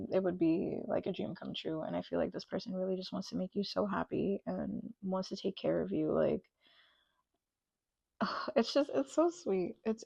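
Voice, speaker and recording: Gravelly, gushing woman doing a tarot reading. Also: mid-range voice, a little mellow, no echo. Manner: gushing and emotional, many "like" fillers. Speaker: tarot reader. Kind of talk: pick-a-card tarot reading.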